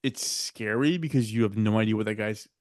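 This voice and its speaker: A man co-hosting a podcast, telling relaxed stories in a casual chat full of "like". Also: fairly low pitch, a little fast, dry recording, clean studio sound. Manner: relaxed, anecdotal, lots of "like". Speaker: podcast co-host.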